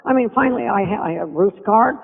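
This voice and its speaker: An older woman telling stories as a podcast guest, animated and acting out the voices of people she quotes. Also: mid-range voice, quick pace, slightly rough. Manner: animated storyteller who acts out quoted speech. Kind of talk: reminiscing interview storytelling. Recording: tinny phone line with long reverb.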